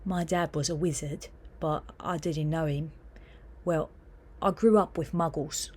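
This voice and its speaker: A woman's voice: sits low, steady tone, a little slow, darkish tone, slightly rough. A woman voicing a scruffy, prickly schoolboy who talks awkwardly, in an audiobook. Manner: awkward, then curt. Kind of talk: audiobook character voice.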